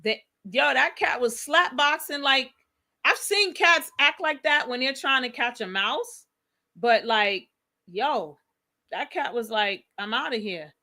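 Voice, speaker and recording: A woman co-hosting a casual live news recap show, retelling clips in animated slang. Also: high voice, takes it slowly. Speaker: co-host.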